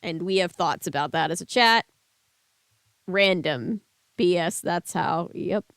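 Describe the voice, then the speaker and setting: Woman streamer, book read-aloud, casual, smooth clear voice, dry close sound. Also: fairly low pitch, unhurried, fairly bright tone, dry recording. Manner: casual, chatting with live chat.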